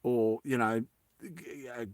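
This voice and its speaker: A man's voice: medium pitch, a little slow, no room sound. A young man casually telling a comic story, rambling and laughing at his own ideas.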